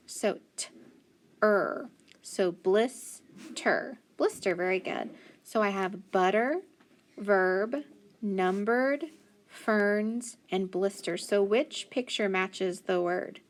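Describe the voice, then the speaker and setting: A woman teaching a phonics lesson, patiently sounding out words and encouraging the listener. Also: mid-range voice.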